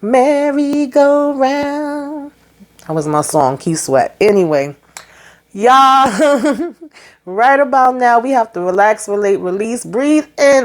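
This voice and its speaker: A woman casually recapping a TV drama episode in a chatty, exasperated, slangy way. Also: medium pitch. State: headache. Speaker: TV recap host.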